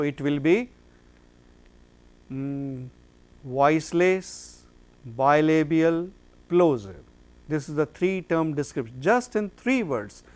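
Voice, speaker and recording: A man giving a phonetics lecture, explaining step by step and answering his own questions. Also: on the high side. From India.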